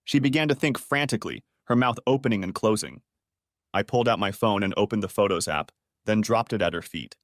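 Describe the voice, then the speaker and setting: A man reads a first-person story with dramatic emotion, his mid-pitched voice rising and falling a great deal. The sound is close and dry, with no room around it. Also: animated, brisk, dry recording. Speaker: narrator.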